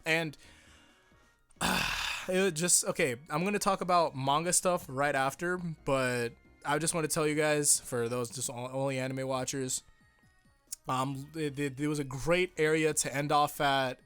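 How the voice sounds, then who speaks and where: A young man reviewing an anime episode in casual chat, rambling with lots of swearing and hyped excitement. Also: medium pitch, measured pace, clear, resonant tone, soft background music.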